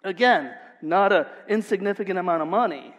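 A male pastor preaches a sermon with lively storytelling, shifting from casual asides to emphatic points. His fairly high voice, a little fast, rings out with long reverb in a church hall.

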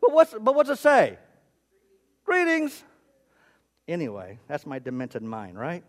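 A pastor delivering a sermon with a high-pitched, highly expressive voice that leaps up and down. He repeats himself for emphasis and pokes fun at his own jokes. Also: moderate pace. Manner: animated, repetitive, self-mocking humor.

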